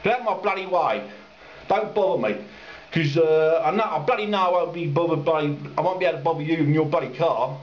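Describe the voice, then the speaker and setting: Ranting man, lively swearing. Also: a little high, fairly quick. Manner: swearing, ranting, mocking drivers in put-on voices. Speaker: cyclist ranting to camera. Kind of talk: angry rambling rant. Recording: roomy, dull lo-fi sound with faint ambience.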